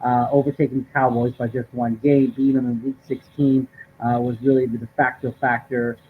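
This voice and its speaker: A man's voice: mid-range voice, little pitch movement, a little fast. A man co-hosting a live stream from home, giving upbeat, talkative sports commentary with many fillers. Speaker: co-host of a live draft stream. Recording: tinny lo-fi stream audio with faint noise.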